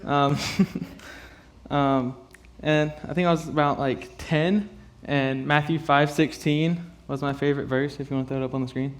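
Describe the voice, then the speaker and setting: A young man giving a halting personal testimony to a youth group, full of fillers and nervous laughs and close to tears. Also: on the high side, steady tone.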